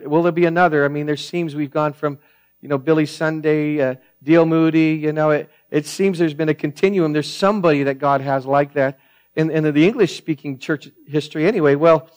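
A man preaching a sermon as pastor, earnest, repeating and restarting phrases, swinging between emphatic peaks and quiet, low passages. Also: smooth.

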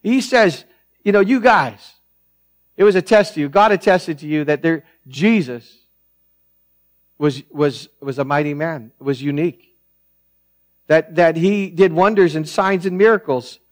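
Male pastor in the pulpit; earnest, emphatic, repetitive delivery with loud and hushed swings, voice a touch high. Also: a little slow, pauses often. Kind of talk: sermon.

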